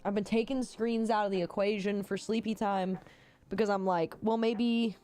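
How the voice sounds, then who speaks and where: A woman hosting a casual livestream, talking bluntly with lots of swearing and quick reactions. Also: mid-range voice, steady tone, dark tone, soft background music. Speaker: livestream host.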